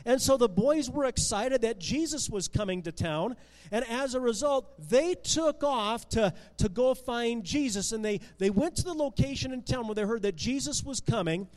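A man with a very high voice tells a Bible story to children, animated and conversational, often restarting his words. His voice carries a long reverb, as in a large hall. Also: normal speed.

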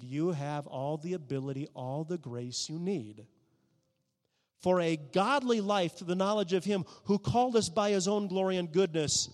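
A man with a fairly high voice delivers a sermon. He swings between hushed, intimate prayer and loud, emphatic preaching. His words carry a long reverb, as in a large hall. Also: normal speed, faint music behind.

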